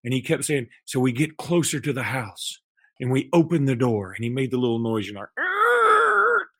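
A man co-hosting a podcast, telling a long anecdote in a rambling, animated way, full of restarts and fillers. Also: medium pitch, fairly quick, slightly rough, no room sound. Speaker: podcast co-host. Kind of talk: casual storytelling chat.

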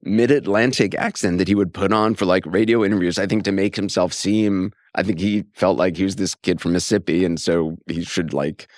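A man in his fifties hosting a podcast, speaking in a soft, thoughtful way with frequent pauses and fillers. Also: deep voice, steady tone, no room sound, studio quality. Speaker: podcast host. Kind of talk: reflective podcast conversation and narration.

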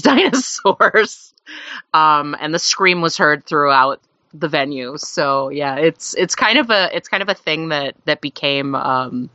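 A woman's voice: low-pitched, sharp tone, no echo. A woman telling a long anecdote as a guest, rambling with fillers and laughing often. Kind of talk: casual storytelling. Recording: dull lo-fi recording.

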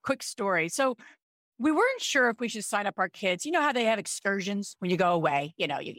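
A woman in her thirties, a podcast co-host, telling a personal story in an animated, chatty way. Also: medium pitch, no room sound, studio quality. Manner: animated, chatty, with frequent "like" and "I'm like". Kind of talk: casual storytelling chat.

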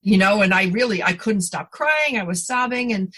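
Chatty middle-aged woman, husky bright voice. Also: mid-range voice, animated, normal speed. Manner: chatty storyteller, lots of "you know" and laughs. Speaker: podcast host. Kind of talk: casual chat.

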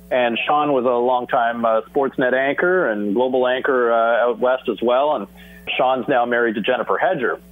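A middle-aged man from Canada telling a story about his broadcasting career in a casual interview, acting out bits of dialogue. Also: mid-range voice. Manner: animated, acts out phone dialogue. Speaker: sports broadcaster guest. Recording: tinny phone-like audio.

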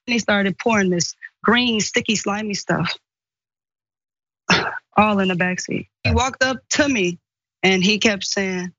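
Woman guest in an archive clip, lively storytelling, dull dry sound. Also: mid-range voice, moderate pace, dry recording. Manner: animated storytelling, acts out quoted speech. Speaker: guest recounting an assault. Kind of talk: emotional first-person account.

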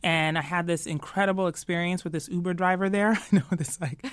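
A woman's voice: lowish voice, steady tone, fairly quick, no echo, studio quality. A woman being interviewed, talking animatedly and laughing easily, peppering her talk with "you know". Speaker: guest, tech executive. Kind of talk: casual interview chat.

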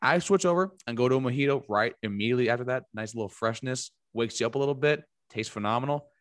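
A man's voice: mid-range voice, fast, dry recording, clean studio sound. A man co-hosting a podcast in a laid-back, rambling casual chat, with restarts and fillers. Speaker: podcast co-host.

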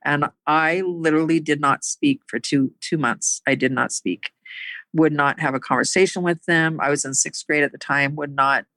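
A middle-aged woman telling her own life story in a halting, earnest way, with many pauses and fillers. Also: deep voice, steady tone, a bit bright, dry recording, poor audio. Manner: earnest and emotional. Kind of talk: personal storytelling.

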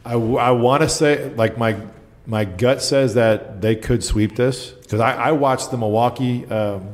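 A man's voice: mid-range voice, a little slow. A middle-aged man, a basketball coach, telling stories in casual chat and acting out the people he quotes. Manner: animated storyteller, acts out quotes.

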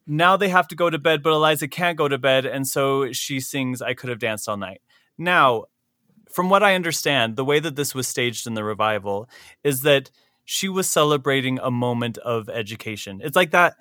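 Bright-voiced man hosting a podcast. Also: medium pitch, moderate pace, no echo, clean studio sound. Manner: animated, laughs often, chatty storytelling. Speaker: podcast host. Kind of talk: casual podcast chat.

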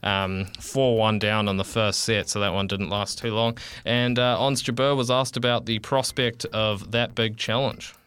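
A man's voice: on the low side, level tone, moderate pace, few pauses, a bit bright, clean tone, no room sound. A man giving a radio sports update, hesitant, with many fillers and restarts. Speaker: sports reporter.

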